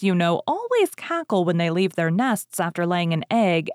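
A woman's voice: fairly low pitch, no room sound, studio quality. Woman reading a fairy tale aloud. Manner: expressive reading with lively rises. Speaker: story reader. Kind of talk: storybook narration.

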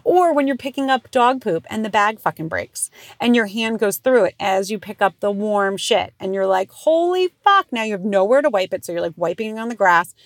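A woman in her thirties hosts her own podcast and talks in a frank, profane, self-mocking way. When she quotes herself, her voice jumps up into high squeals. The sound is close and dry, with no room around it. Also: brisk, few pauses, no room sound. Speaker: podcast host. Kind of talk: casual comedic monologue.

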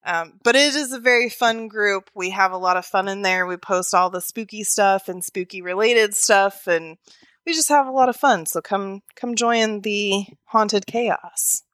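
A woman's voice: medium pitch, a bit bright, no room sound. A woman co-hosting a podcast, chatting casually and joking while she reads out a listener's story. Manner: chatty, joking, quick asides. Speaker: podcast co-host.

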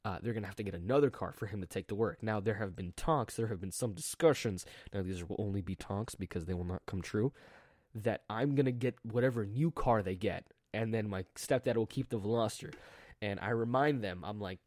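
A teenage boy with a rough, strained throat, chatting casually on his own in a rambling, joking way, full of restarts and self-corrections. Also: on the low side, brisk, a little mellow, dry recording, studio quality. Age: teens. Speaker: podcast diarist. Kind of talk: casual solo vlog chat.

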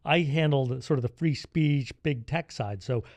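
A man who is a guest on a political podcast, explaining things in a measured way with dry humor. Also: medium pitch, darkish tone, no room sound. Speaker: podcast guest, think-tank executive.

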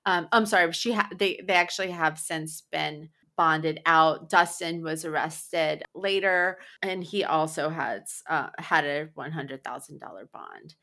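Casting note: bright, forceful woman co-host from Long Island, chatty and profane. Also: low voice, measured pace, few pauses. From Long Island, New York. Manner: laughing, profane storytelling. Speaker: podcast co-host. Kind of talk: casual chat.

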